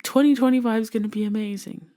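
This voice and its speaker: A woman's voice: on the high side, steady tone, quick pace, dark tone. A woman hosting a motivational podcast, speaking earnestly and encouragingly to her listeners. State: emotional. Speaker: podcast host.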